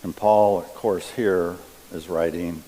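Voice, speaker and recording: A man preaching a sermon in a church, reading scripture and explaining it deliberately. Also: deep voice, steady tone, dark tone, a little hiss or hum. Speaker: pastor. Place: church sanctuary. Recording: long reverb of a church hall.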